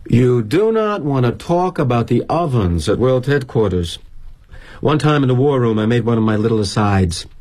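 A middle-aged male actor plays a weary, guilt-ridden corporate executive in a dramatic monologue. His mid-range, darkish voice is lightly acted, and his tone is wry and confiding.

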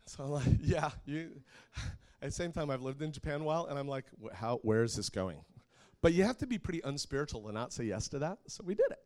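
Guy preaching, kinda high voice, animated, laughs a lot as he talks. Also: racing, hardly any pauses. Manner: animated storyteller who laughs often. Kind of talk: sermon with personal story.

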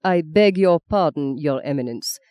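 A stern German general, as an audiobook reader puts him on talks in a formal, measured way. The voice is mellow and dark, and it sits close and dry. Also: mid-range voice, expressive, no room sound, close to an everyday voice.

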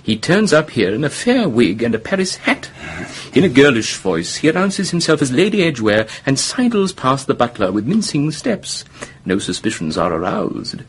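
An actor playing a charming, flippant young English gentleman who talks in a breezy, theatrical, mocking way. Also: mid-range voice, big pitch swings, normal speed, a little hiss or hum, natural voice. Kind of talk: radio drama acting.

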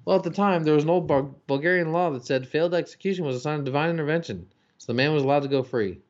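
Host, male, slightly high voice, swears freely, lively joke-teller, muffled lo-fi audio. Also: rapid-fire. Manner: profane, animated joke-telling with put-on voices. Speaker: podcast host reading listener questions. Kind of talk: casual chat, reading jokes aloud.

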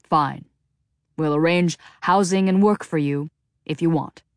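Woman reading gentle father, calm, measured, lower voice, storybook. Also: dry recording, clean studio sound.

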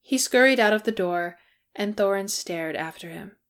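A woman narrating a storybook chapter in an even, measured way. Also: medium pitch. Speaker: fan fiction reader. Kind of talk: storybook reading.

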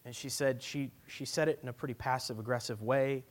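A male pastor preaching a sermon at a church service, swinging from loud, emphatic lines to hushed, near-whispered ones. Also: mid-range voice, steady tone, brisk, slight background noise.

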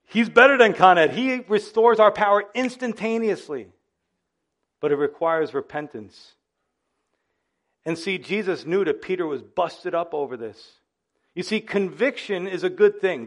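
A male pastor with a slightly high voice preaches in a lively, conversational way. He speaks straight to his listeners with frequent asides. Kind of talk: sermon.

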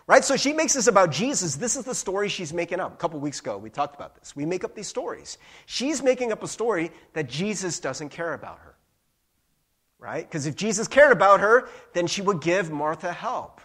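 A male preacher with a high voice that leaps up and down as he talks. He preaches in an animated, playful way and sounds engaged with the room. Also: moderate pace, breathy edge. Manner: animated and playful, with laughs and sung bits. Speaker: pastor. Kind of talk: sermon.

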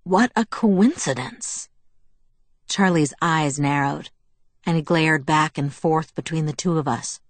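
A woman reading a novel aloud as narrator, in a steady, even storytelling manner. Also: low voice, unhurried, dry recording. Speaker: audiobook narrator. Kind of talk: scripted narration.

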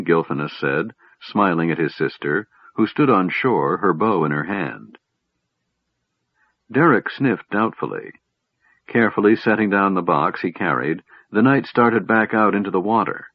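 A man reading a fantasy novel aloud as a narrator, in a measured storytelling manner. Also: sits low, expressive, slightly rough, no room sound. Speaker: audiobook narrator. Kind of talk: scripted narration with character voices. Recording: dull, lo-fi, dry sound.

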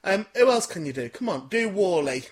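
Male comedy co-host, higher voice, lively swings, sarcastic ribbing. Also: a little fast, slightly rough. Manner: teasing, sarcastic banter. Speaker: podcast co-host. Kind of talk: casual comedy chat.

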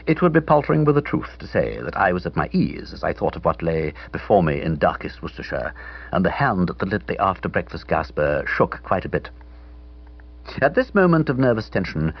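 A man's voice: sits low, gravelly, breathy edge, highs cut off. A man narrating a comic novel in the first person, in a wry, theatrical reading style. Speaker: audiobook narrator.

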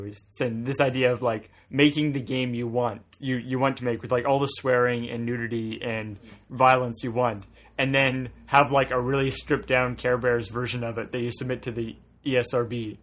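Male co-host, mid-pitched voice, stop-start casual chat. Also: fairly even intonation, normal speed, a bit bright. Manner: hesitant, restarting sentences. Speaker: podcast co-host.

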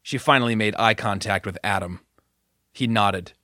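A man narrating an audiobook in a measured, dramatic way. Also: on the low side, bright, forceful tone, no room sound, studio quality.

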